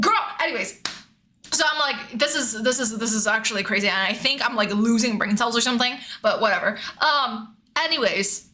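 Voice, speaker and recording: A young woman streamer tells a story in casual chat. Her voice is high and bright. She talks in an animated way, swears freely and laughs often.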